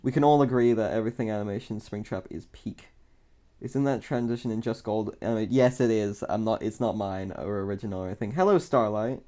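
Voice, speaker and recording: A man's voice: on the low side, a little fast, mellow. A man streaming live, rambling in casual commentary, mocking himself, laughing often and swearing.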